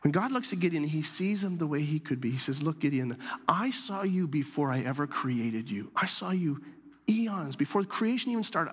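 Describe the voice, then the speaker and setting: A man preaching a sermon as pastor, animated and then dropping to soft whispers for emphasis. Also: a little high, moderate pace, slightly rough, long reverb tail.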